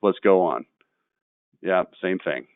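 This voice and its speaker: A man presenting a marketing webinar, blunt and quick to get worked up as he tears into examples. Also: low voice, gravelly, no echo, narrow, tinny audio. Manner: blunt, gets worked up and ranting.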